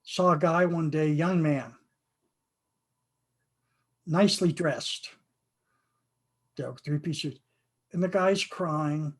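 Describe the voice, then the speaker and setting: A man's voice: fairly high pitch, takes it slowly, long pauses, slightly rough. Earnest older American man, reflective. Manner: earnest, reflective, drawls and repeats himself. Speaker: interview guest, game author. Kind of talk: conversational interview.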